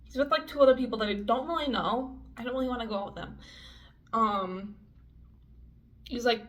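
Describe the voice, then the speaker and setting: A woman's voice: on the high side, a little fast, pauses often. Chatty, swearing young woman vlogger. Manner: chatty, heavy swearing, lots of "like" fillers. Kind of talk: casual storytime vlog. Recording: dull lo-fi audio with faint music.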